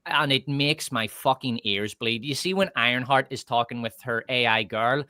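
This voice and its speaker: Blunt northern Irish man, bright tone. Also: mid-range voice, moderate pace, no echo, studio quality. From north of Ireland. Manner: blunt, profane, scornful. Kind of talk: casual opinionated chat.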